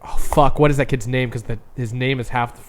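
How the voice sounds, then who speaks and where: A man's voice: mid-range voice, fairly even intonation, fairly quick. A man co-hosting a beer tasting show, chatting casually, rambling and joking. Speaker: podcast co-host. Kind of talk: casual chat.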